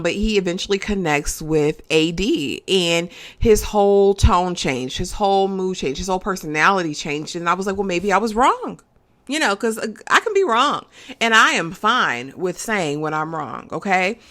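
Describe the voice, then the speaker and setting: A woman giving a casual, chatty recap of a reality show, animated and often checking in with the viewer. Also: on the low side, moderate pace. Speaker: reality TV reviewer.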